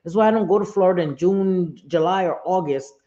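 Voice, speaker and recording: A woman's voice: lowish voice, fairly quick, dark tone, highs cut off. A woman hosting a casual livestream, talking straight to her viewers, often repeating herself and saying "um". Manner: repeats phrases, many "um" fillers, speaks straight to viewers. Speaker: livestream host.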